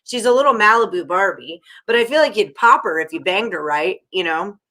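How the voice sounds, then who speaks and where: A woman's voice: mid-range voice, lively intonation, fairly quick, pushed and bright. A woman co-hosting a live podcast over a video call, frank and blunt, often laughing. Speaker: podcast co-host. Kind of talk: casual live podcast chat.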